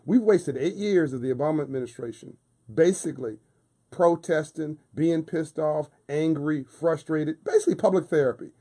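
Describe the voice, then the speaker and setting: The man on this radio show has a voice on the high side, mellow and husky, at normal speed. As a studio guest in a casual interview, he preaches emphatically and passionately, repeating phrases to hammer them home.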